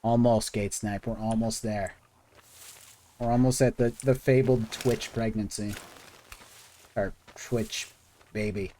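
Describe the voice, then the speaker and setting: A man's voice: on the low side, steady tone, slow, long pauses, warm tone, slight background noise. A man streaming a video game, chatting casually with viewers and thinking aloud as he plays. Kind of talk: casual gaming commentary.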